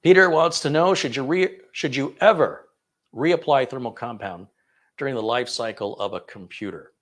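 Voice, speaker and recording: A man's voice: mid-range voice, moderate pace. A man hosting a casual live question-and-answer session on computers, chatty and digressive, amusing himself as he goes. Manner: chatty and digressive, self-amused. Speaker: tech channel host answering viewer questions.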